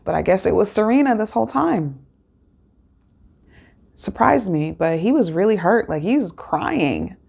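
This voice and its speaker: A woman's voice: mid-range voice, big pitch swings, a little slow, creaky, long pauses, a little mellow, slightly rough. A woman hosting a casual episode recap, rambling and chatty with many fillers and restarts. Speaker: host.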